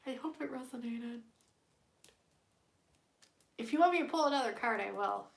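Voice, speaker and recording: A playful woman with a high voice chats casually on a live stream, giggling and humming silly tunes between tarot readings. Her nose sounds stuffy. The sound is roomy and echoey. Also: lively intonation, moderate pace, vocal fry. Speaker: tarot card reader.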